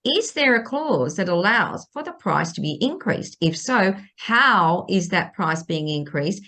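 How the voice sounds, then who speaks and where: A woman lawyer in midlife explains a legal matter on a podcast in a slightly low voice. She talks emphatically and circles back to stress each point again. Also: sing-song, unhurried, bright, forceful tone. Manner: emphatic, repeats key points. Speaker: property lawyer. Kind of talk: podcast legal advice chat.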